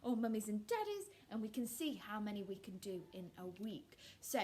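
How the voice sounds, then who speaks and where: A woman, an early years teacher, reading a fairy tale aloud and teaching young children in an animated, expressive, encouraging way. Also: mid-range voice, moderate pace.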